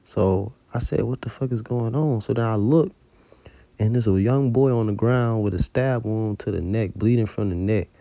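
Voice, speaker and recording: A man with a lowish, mellow voice speaks at a normal pace with no room sound. He's a religious teacher giving an informal testimony, recounting a dream in casual, profanity-heavy storytelling.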